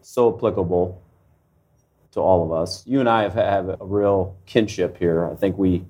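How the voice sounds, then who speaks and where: A man's voice: deep voice, fairly even intonation, normal speed, mellow. A man hosting an interview, responding in a reflective, affirming way. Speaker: interviewer, host. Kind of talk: conversational interview.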